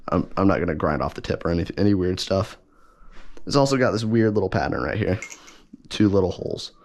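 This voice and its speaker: A man's voice: low-pitched, slight background noise. A man talking casually through an unboxing and review, rambling and correcting himself as he goes, with enthusiasm. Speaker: balisong reviewer.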